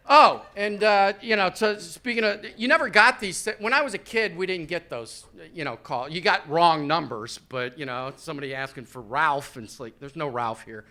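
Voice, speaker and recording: A man's voice: high-pitched, bright, forceful tone. A man in his fifties doing a rambling, profane, self-deprecating stand-up set on a live comedy stage. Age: 50s.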